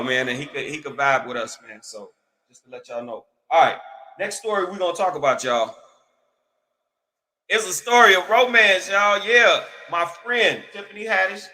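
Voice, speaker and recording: Bright-voiced profane male show host. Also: mid-range voice, big-room sound, rough recording. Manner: loose, profane, talks straight to listeners. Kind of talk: casual talk show commentary.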